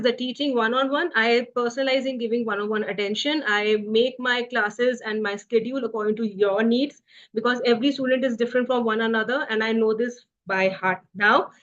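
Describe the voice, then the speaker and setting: A woman's voice: a little high, fairly bright tone. Indian-accented woman teaching French online. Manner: reassuring, explanatory. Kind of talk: webinar presentation. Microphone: video call. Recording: dull lo-fi call audio.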